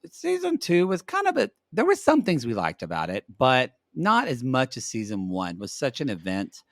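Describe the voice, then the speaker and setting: Lively, joking gay podcast co-host. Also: male voice, medium pitch, normal speed, dry recording, studio quality. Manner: animated, joking, crude banter. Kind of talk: casual podcast chat.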